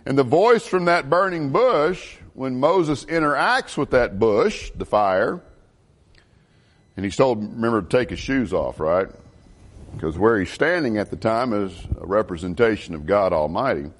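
A man's voice: mid-range voice, measured pace. A man teaching a Bible lesson in a sermon style, reading verses aloud with emphasis and asking his listeners questions. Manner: expressive, reads scripture aloud with emphasis and asks the audience questions. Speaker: preacher teaching a Bible class.

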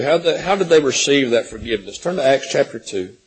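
A man preaching a sermon, swinging from loud pleading questions to hushed, gentle passages, calling listeners friends and repeating words as he builds. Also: fairly high pitch, big pitch swings, a little fast, slightly rough, low-quality recording. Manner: impassioned, rising and falling between loud pleading and hushed softness.

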